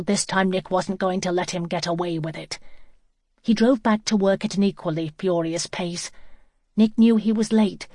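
Narrating a novel from script, this woman keeps a mid-range voice and a steady, even storyteller's delivery. The clean studio sound has no trace of the room.

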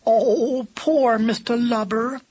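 A man's voice: high-pitched, lively intonation, normal speed, breathy edge, pitched above the performer's own voice. A man voicing a cooing female pigeon in an audiobook. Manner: cooing, rustic. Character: chatty, motherly female pigeon.

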